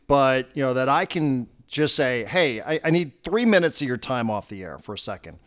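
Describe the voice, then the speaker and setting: A man's voice: medium pitch, normal speed. A man talks baseball in a casual sports chat, his voice rising and falling widely as he acts out what others said. He speaks as a radio host trading stories with colleagues. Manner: animated storyteller, acts out quotes.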